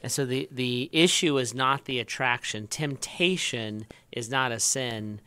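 A man's voice: medium pitch, measured pace, sharp tone, clean tone, no room sound. A man, a pastor co-hosting a podcast, talking through a faith question in a thoughtful way with frequent restarts. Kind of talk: casual podcast discussion.

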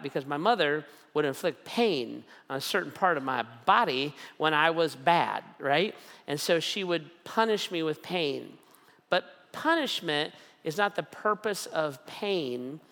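A middle-aged man preaching a sermon in a conversational way, often checking in with "right?" and "okay?" and slowly repeating his key lines. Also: on the high side, fairly bright tone, long reverb tail. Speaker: pastor.

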